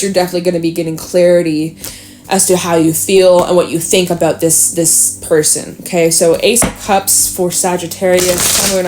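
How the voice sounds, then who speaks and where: A woman giving a casual tarot reading, talking straight to the listener, chatty and swearing freely, animated at times. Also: lowish voice. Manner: animated, with sudden laughs and exclamations. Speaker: tarot reader.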